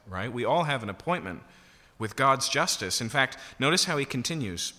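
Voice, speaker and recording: A man's voice: medium pitch, lively intonation, normal speed, pushed and bright. A man preaching a sermon, teaching in a conversational way and checking in with rhetorical questions. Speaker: pastor. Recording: reverberant hall.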